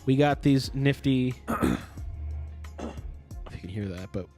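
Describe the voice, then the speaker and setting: A man's voice: medium pitch, lively intonation, slow pace, a little mellow. Young male co-host, loose rambling chat, swears freely, music faintly behind. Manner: rambling, swears a lot, many restarts. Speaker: podcast co-host. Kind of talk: casual chat.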